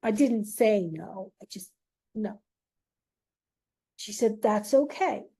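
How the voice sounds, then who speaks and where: A woman telling an emotional personal story, speaking haltingly with long pauses and emphasis. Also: medium pitch, dark tone, slightly rough.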